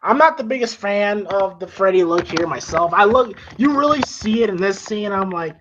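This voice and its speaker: A man's voice: high-pitched, animated, normal speed, few pauses, fairly bright tone. Rambling male movie-review host. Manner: rambling with many fillers and restarts, laughs often. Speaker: podcast host. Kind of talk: casual movie review chat. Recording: dull lo-fi with faint hiss.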